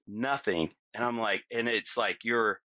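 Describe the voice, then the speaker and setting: A man's voice: lowish voice, fairly even intonation, unhurried, no room sound. A middle-aged man, a podcast guest, telling a vivid story casually with lots of fillers. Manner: vivid, lots of fillers, acts out his own yelling.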